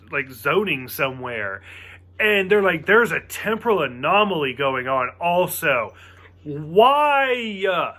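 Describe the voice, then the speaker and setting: A man's voice: high voice, bright, forceful tone. A man giving a casual spoken review of a TV episode, rambling with lots of "like" fillers and sounding exasperated.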